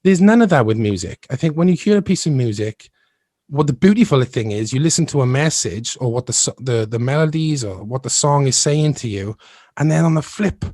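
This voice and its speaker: A man's voice: medium pitch, lively intonation, a little fast, darkish tone, no room sound, clean studio sound. A man hosting a podcast in casual chat, musing at length and laughing often. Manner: thoughtful, rambling, often laughs. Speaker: podcast host.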